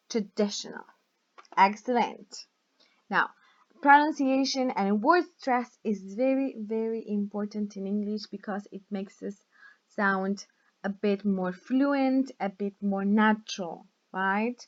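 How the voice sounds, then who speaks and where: A woman's voice: medium pitch, lo-fi sound. A woman teaching English as a recorded online lesson, speaking English, patient and often checking in with the class. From Latin America. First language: Spanish. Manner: slow, patient, checks in with "right?" and "okay?".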